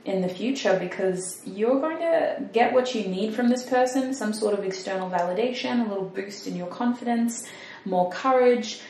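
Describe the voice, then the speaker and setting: A woman's voice: medium pitch, dark tone, recorded from a distance. A woman giving a casual, chatty tarot reading, thinking aloud and poking fun at herself. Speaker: tarot reader. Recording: roomy echo, mic set back, faint noise.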